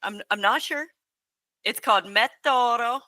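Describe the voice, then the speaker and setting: A woman's voice: on the high side, unhurried, pushed and bright, dry recording, poor audio. A woman co-hosting a podcast in casual chat, hesitant, restarting her words and giggling. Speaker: podcast co-host.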